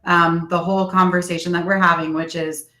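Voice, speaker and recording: A woman co-hosts a casual podcast, thanking her guest with soft, appreciative words. Her voice sits a little low and carries a roomy echo. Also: flat delivery, brisk. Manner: appreciative, soft affirming responses. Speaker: podcast co-host. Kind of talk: casual interview chat. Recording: echoey room.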